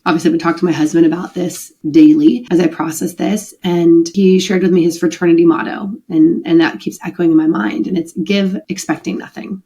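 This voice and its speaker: Middle-aged woman, podcast host, solo reflective monologue, earnest and confessional, lower-pitched voice. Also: mellow. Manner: earnest, confessional, many fillers like "like" and "I mean".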